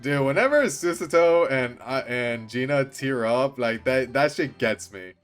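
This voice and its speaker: A man streaming a game, giving gushing, excited commentary and swearing casually. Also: mid-range voice, unhurried, soft background music.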